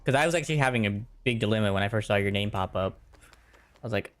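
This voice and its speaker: A man's voice: fairly low pitch, fast talker, fairly bright tone, faint music behind. A man streaming a game and chatting casually with viewers in a rambling, easygoing way. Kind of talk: casual chat while gaming.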